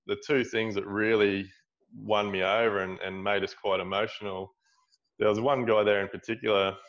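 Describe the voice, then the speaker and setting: Low-voiced Australian man telling a story. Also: a bit bright, dull audio. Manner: rambling, many restarts and "like". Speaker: guest, builder running seminars. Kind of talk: casual storytelling interview.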